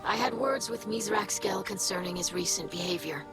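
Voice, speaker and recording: An actress voicing an earnest young alien woman who gives mission support, speaking calmly and formally. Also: mid-range voice, natural voice. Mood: resolute. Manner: calm, formal, measured speech. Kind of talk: game dialogue. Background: game music.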